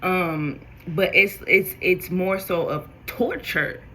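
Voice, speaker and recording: A woman gives a spiritual tarot reading, speaking directly to her viewers. Her voice is bright and forceful, and her delivery is animated. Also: lowish voice, takes it slowly, slight background noise, low-quality recording. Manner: animated, talks straight to viewers. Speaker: tarot reader.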